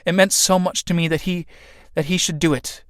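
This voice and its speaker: A man voicing an earnest young woman who pleads softly and slowly with her husband in a read-aloud play. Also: on the high side, steady tone, no echo, clean studio sound, close to an everyday voice.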